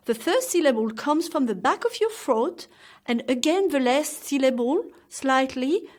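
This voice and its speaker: A woman's voice: high voice, lively intonation, unhurried. A woman teaching a language lesson, enunciating each word carefully and demonstrating how to shape the lips. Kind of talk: slow, clear pronunciation lesson.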